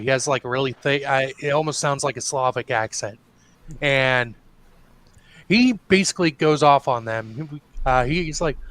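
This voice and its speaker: Rambling man telling stories, slightly high. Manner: rambling storyteller, animated retelling. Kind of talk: casual chat.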